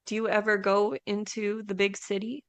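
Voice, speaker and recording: A woman guest on a farm podcast, speaking in a relaxed, candid and blunt way. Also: medium pitch, normal speed, clean tone. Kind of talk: casual interview chat.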